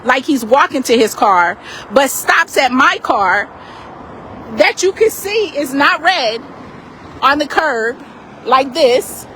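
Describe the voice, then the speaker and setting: A woman's voice: high-pitched, expressive, takes it slowly, bright, forceful tone, slight background noise. A woman activist on a city street, emphatically retelling how an officer treated her. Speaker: community activist. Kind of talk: heated street complaint to police. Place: outdoors on a city street by a parked car.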